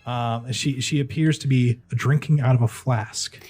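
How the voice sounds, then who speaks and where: Man, game master of a horror tabletop game, loose and halting narration, faint music underneath. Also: mid-range voice, steady tone, darkish tone. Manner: casual, halting narration with fillers. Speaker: dungeon master.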